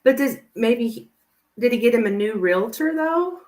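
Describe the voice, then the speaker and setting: A woman's voice: on the high side, expressive, moderate pace, a little mellow. A woman giving a live tarot reading, chatting with viewers and thinking aloud with lots of "like.". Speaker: tarot reader.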